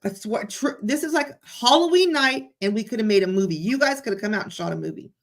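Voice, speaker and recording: Woman on a radio chat show, animated, tells it breathless. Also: on the high side, fast. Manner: animated storyteller, excited and breathless. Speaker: guest. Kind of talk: casual chat.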